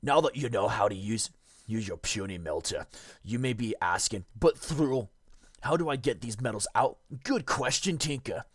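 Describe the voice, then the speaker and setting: A man's voice: lowish voice, lively intonation, normal speed, slightly rough, dry recording. Guy doing a boastful four-armed metalsmith in a silly put-on accent, smug, dry mic.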